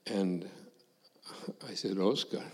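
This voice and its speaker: Older man, former missionary, lowish voice, unhurried reflective testimony, echoey hall. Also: fairly even intonation, darkish tone. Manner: slow, reflective storytelling with quoted dialogue. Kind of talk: personal testimony to a congregation.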